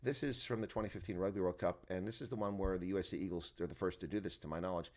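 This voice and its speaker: Deep-voiced man chatting on a live stream. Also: racing. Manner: rambling, talks to chat viewers. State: tired, groggy. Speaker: rugby live-stream host. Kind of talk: casual live-stream chat. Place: home, early morning. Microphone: desk microphone, volume turned up.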